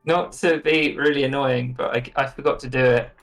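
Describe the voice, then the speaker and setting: A game master in casual table talk, thinking aloud in an unhurried way and trailing off mid-thought. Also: medium pitch, steady tone, gravelly, faint music behind.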